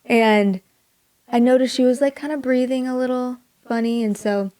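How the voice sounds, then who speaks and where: A young woman from Maui, a singer-songwriter, telling a personal story in an interview, soft-spoken and dropping to a hush for quoted thoughts. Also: high-pitched, steady tone, moderate pace, dry recording. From Maui, Hawaii.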